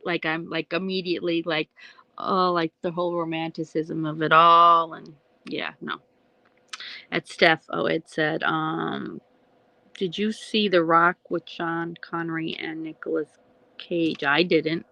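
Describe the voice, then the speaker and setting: Lowish-voiced woman rambling on a live stream, laughs a lot, dull dry lo-fi sound. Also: level tone, unhurried, creaky, bright, forceful tone, no echo. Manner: chatty, rambling, laughs often. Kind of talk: casual live chat with viewers.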